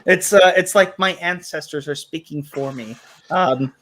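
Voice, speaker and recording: A man's voice: on the high side, measured pace, a crowd in the background. A man chatting on a live stream panel, hesitant and dry, joking at his own expense. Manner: hesitant, many fillers, dry self-mocking. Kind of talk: casual chat.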